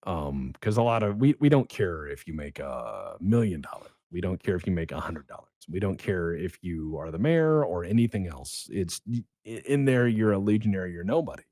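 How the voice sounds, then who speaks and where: A man's voice: low-pitched, very animated, moderate pace, hardly any pauses, dark tone, no room sound, studio quality. A young adult man, a podcast guest, telling rambling, profane stories in casual chat.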